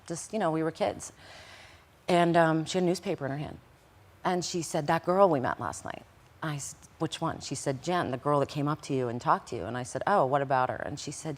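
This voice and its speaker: A woman's voice: low voice, brisk. A middle-aged woman, a guest in an interview, tells a personal story with feeling and acts out the dialogue. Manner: animated, acts out quoted dialogue. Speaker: interview guest recounting past events.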